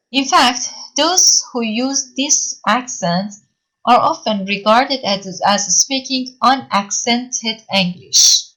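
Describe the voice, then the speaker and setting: Woman w/ lecturing slowly over a video call, lots of uh and um. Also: medium pitch, fairly bright tone, poor audio. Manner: slow, with frequent fillers and repeated words. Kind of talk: online linguistics lecture.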